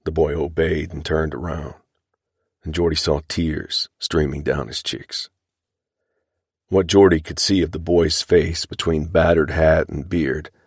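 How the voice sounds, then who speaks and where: A man reading a western audiobook in a measured, even way. His voice is very deep and low, and the recording is dry and close with no room sound. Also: gravelly, slightly rough, dry recording. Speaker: audiobook narrator. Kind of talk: scripted audiobook narration.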